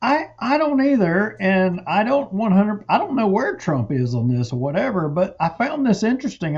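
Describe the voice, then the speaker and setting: Man, fiery talk-show co-host, gravelly, slightly high voice, dull lo-fi sound. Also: a little mellow. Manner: heated, emphatic, repeats himself. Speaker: podcast co-host. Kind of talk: casual political talk.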